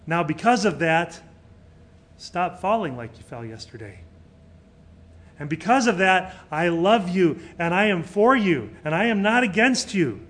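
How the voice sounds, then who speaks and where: A middle-aged male pastor preaching a sermon, swinging between loud emphatic peaks and quiet, soft passages. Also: high-pitched, very animated, unhurried.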